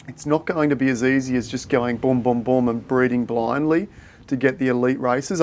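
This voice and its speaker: A man's voice: mid-range voice, a little mellow. Chatty man hosting a livestream. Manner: thinks aloud while reading viewer chat, matey and chatty. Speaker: livestream host. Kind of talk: casual livestream chat.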